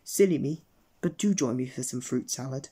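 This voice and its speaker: A man's voice: mid-range voice, normal speed, warm tone, slightly rough, lightly acted. A man voicing a cheerful, muddled, scatterbrained woman in a children's storybook reading, breezy and distracted.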